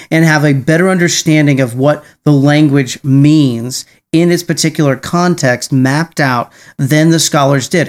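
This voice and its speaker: A man hosting a podcast talks in loose, casual chat. He rambles, restarts his sentences and keeps tagging on quick questions. His voice sits slightly higher than most men's. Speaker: podcast host.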